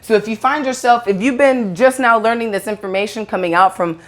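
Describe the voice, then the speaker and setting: A woman's voice: fairly high pitch, a little fast. Woman, casual monologue, blunt and profane, rambling, heated. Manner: rambling with restarts, acts out quoted voices. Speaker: online video host.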